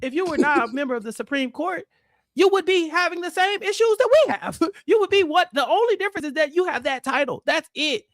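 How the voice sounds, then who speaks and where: A man's voice: extremely high pitch, animated, quick pace, few pauses, a bit bright, dry recording, clean studio sound. A man hosting a podcast, talking casually about politics in a blunt, exasperated rant. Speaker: podcast host.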